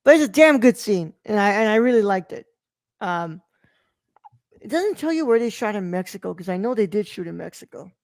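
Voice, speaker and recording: A woman's voice: medium pitch, expressive, brisk, darkish tone, dry recording, studio quality. A woman co-hosting a podcast, chatting casually about a film in a loose way, with lots of fillers and the odd swear word. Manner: loose, profane, full of fillers. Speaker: podcast co-host. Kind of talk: casual movie review chat.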